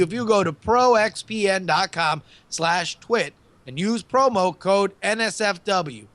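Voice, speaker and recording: A man's voice: sits high, fairly bright tone, no room sound. A man co-hosting a comedy podcast, reading a sponsor ad in a goofy way and slipping into silly voices. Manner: goofy, puts on voices mid-read. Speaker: co-host reading an ad. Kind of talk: comedic ad read.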